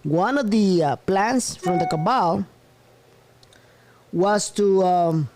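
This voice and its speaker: A man's voice: high-pitched, takes it slowly, over music. A man hosting a casual news commentary show, rambling and often breaking into laughter. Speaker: host.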